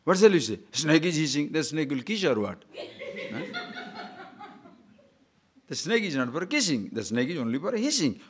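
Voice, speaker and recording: A man from Odisha with an Odia Indian English accent gives a spiritual discourse full of stories and rhetorical questions, animated and playful. His slightly high voice is husky, moving at normal speed with long pauses.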